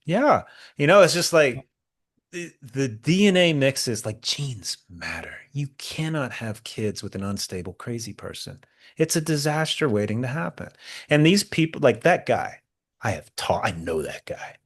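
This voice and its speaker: A man's voice: medium pitch, big pitch swings, a little slow, breathy edge, no echo, studio quality. A man co-hosting a podcast who works as a therapist, talking bluntly and profanely in casual chat.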